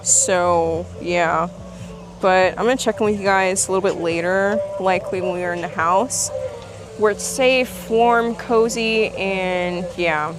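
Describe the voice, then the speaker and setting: A woman's voice: medium pitch, fairly even intonation, a little slow, music in the background. A woman casually vlogging outdoors on her phone, laughing often and gushing over animals, out of breath from walking. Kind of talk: casual vlog chat. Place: outdoors near a lake. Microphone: phone held while walking.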